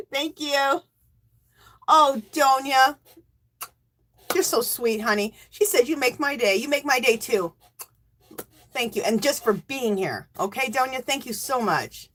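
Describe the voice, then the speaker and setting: A middle-aged woman hosting a casual livestream, emotional and teary, thanking viewers by name and cheering with loud whoops. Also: sits high, animated, slow pace, pauses often, slight background noise. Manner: thanks donors warmly by name. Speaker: livestream host.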